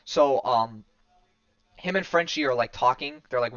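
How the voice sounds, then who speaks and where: A man's voice: medium pitch, a little slow, fairly bright tone, dry recording. A man casually recapping a comic on a podcast, rambling with many fillers and restarts. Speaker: podcast host. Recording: dull lo-fi dry recording.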